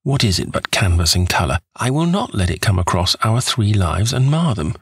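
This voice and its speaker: A man's voice: on the low side, big pitch swings, moderate pace, fairly bright tone, husky, no room sound, studio quality, exaggerated voice. A man reading aloud, voicing an earnest, devoted painter who speaks in a pained, sincere way.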